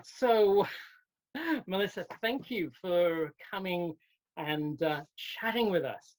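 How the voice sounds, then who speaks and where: A woman host introduces her guest in a chatty way, laughing easily and stumbling over unfamiliar words. Her voice is fairly low. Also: animated, takes it slowly, a little mellow. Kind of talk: interview chat.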